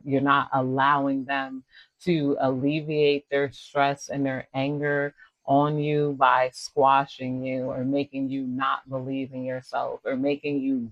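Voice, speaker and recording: An American tarot reader gives a casual, rambling reading packed with slang and asides. His voice is mid-range, and the recording is lo-fi with no echo.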